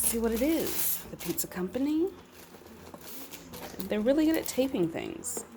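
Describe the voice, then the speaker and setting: A woman's voice: a little high, big pitch swings, measured pace, noisy background. A mother vlogging casually from her quarantine apartment, narrating with dry, teasing humor.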